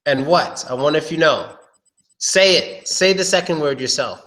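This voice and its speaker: A man teaching English pronunciation on a live stream, relaxed and thinking aloud, slowly repeating each word. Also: on the high side.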